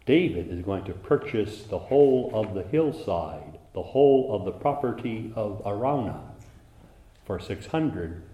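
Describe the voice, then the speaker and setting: Male preacher, low voice, passionate sermon delivery with big dynamic swings, roomy reverb. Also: animated, measured pace, dull audio. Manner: impassioned, swells to loud emphasis and drops to hushed asides.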